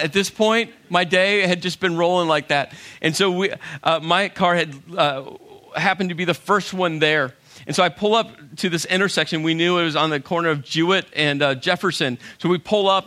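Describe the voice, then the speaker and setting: A middle-aged man telling a funny story to an audience, lively, with acted-out quotes. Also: on the high side. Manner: animated, humorous, acts out quotes. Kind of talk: storytelling talk.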